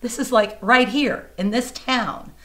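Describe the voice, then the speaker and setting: A woman blues singer telling stories in a casual interview at a music museum, animated and acting out the people she quotes. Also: a little high, measured pace.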